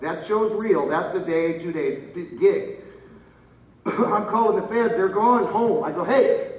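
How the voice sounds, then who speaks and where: At a live event in a large casino hall, a middle-aged man with a high-sitting voice tells his personal story slowly but with lively energy, loud bursts, and laughs. He acts out what others said by slipping into their voices. The audio is roomy, distant, and dull, with ambience.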